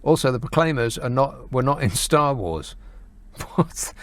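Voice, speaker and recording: A man hosting a radio phone-in, sardonic and quick as he reads out listeners' messages and banters with callers. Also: mid-range voice, animated, no echo.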